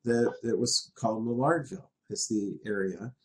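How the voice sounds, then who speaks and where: A man's voice: lowish voice, moderate pace. Chatty middle-aged male teacher. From Canada, West Coast. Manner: patient, chatty, laughs as he explains. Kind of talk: classroom lesson in a virtual world.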